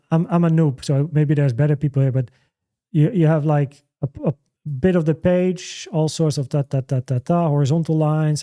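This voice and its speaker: A man's voice: a little high, dark tone. A man hosting a casual livestream, chatting and answering questions with many restarts and fillers. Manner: halting, repeats words, many fillers. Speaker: livestream host. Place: home.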